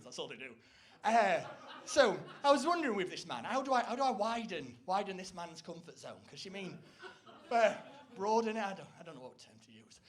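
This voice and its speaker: High-voiced man doing stand-up. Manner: rambling, self-deprecating, bursts into loud shrill impressions. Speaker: stand-up comedian. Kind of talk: stand-up comedy set. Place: stage before a live audience.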